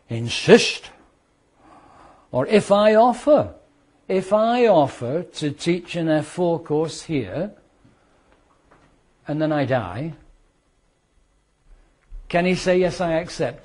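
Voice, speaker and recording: A man gives a law lecture in a husky, slightly raised voice. He keeps the class engaged with rhetorical questions and playful everyday scenarios. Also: fairly high pitch, a little mellow.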